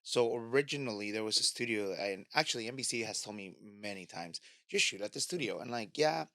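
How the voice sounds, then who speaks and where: Guest on a podcast: a man with a low, bright voice who tells stories and mimics the people in them; dry sound. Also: expressive, fairly quick, no echo. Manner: storytelling, acts out quoted dialogue. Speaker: podcast guest and media host. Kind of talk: casual interview conversation.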